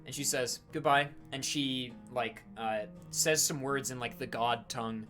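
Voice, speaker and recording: A man's voice: medium pitch, steady tone, measured pace, music in the background. A man narrating a tabletop game as dungeon master, rambling with many fillers and self-corrections.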